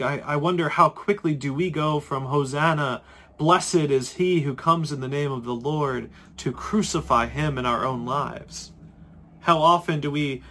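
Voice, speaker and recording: A man's voice: on the high side, bright, forceful tone. A male pastor preaching a sermon in a conversational way, often repeating and restarting words.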